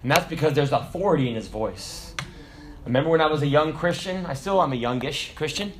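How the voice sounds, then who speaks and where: A man in his forties preaching a sermon, swinging between shouted declarations and low, quiet asides. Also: expressive, brisk, background noise. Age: 40s. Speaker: pastor.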